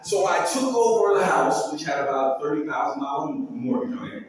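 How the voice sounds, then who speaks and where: A man speaking at a live audience, telling a story in a fairly high, lively voice. He plays out each exchange and ends with faith-driven calls to keep going. His voice comes from well off the mic, booming around a large reverberant hall. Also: normal speed, far from the mic, noisy background. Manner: animated, acts out dialogue in quoted exchanges. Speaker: builder and speaker. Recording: echoey hall, voice picked up from afar.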